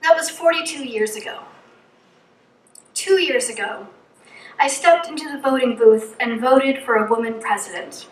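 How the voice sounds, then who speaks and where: A woman's voice: sits high, normal speed, long pauses, echoey room, distant mic, poor audio. A middle-aged woman from New England gives an earnest personal reflection from a church pulpit, telling a story and reeling off long lists. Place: church hall.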